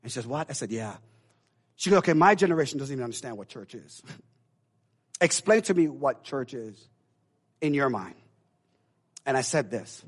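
A middle-aged male pastor preaching a sermon, swinging from loud emphatic declarations to hushed low asides with call-and-response phrases. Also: expressive, normal speed, long pauses, breathy edge.

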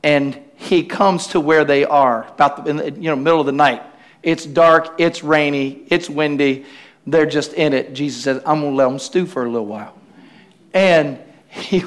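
A male pastor preaching a lively sermon, calling out to the congregation and acting out the voices of the disciples. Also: a little high. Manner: preachy, call-and-response, acts out voices of the disciples.

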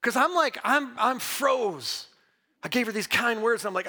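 A man preaching a sermon as pastor, emphatic and lively, mixing Bible reading with personal stories told with restarts. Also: very high voice, normal speed. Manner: repeats words and restarts when telling stories.

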